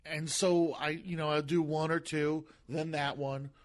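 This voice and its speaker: A man guesting on a podcast as a comedian, talking casually with a gentle voice that sounds softer than his looks, often repeating words and restarting sentences. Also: on the high side, little pitch movement, measured pace.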